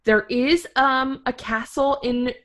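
A woman's voice: high voice, fairly even intonation, takes it slowly, a bit bright. Giggly young woman telling history. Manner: giggly, self-correcting, chatty. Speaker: podcast co-host. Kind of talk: casual chat, history storytelling.

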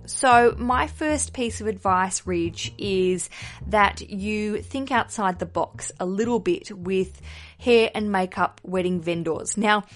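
A young woman talks through her podcast in a chatty, upbeat way. She answers listener questions with friendly advice and drops in quick asides as she goes. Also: medium pitch. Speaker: podcast host.

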